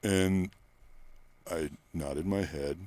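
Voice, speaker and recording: Blunt, low-voiced male fitness trainer. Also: very slow, darkish tone, no room sound. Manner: blunt, profane, rambling storyteller. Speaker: personal trainer. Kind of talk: candid interview conversation. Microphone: close microphone.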